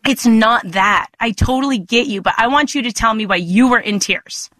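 A woman's voice: on the high side, moderate pace, sharp tone, dry recording. A middle-aged woman hosting a candid faith chat, talking in a frank, emphatic and confiding way. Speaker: host.

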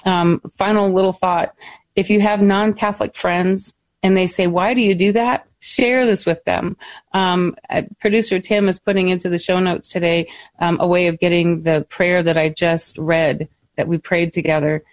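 A woman radio host giving an earnest faith reflection, pausing often with fillers. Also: lowish voice, steady tone, no echo.

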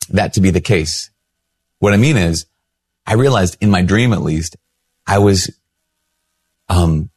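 A male priest hosts a video and tells a reflective story in a relaxed, conversational way. His voice is lowish and a little husky. He keeps questioning himself, and his pitch leaps up when he acts out other people's words. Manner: conversational and self-questioning, jumps higher when quoting others. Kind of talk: reflective storytelling talk to camera.

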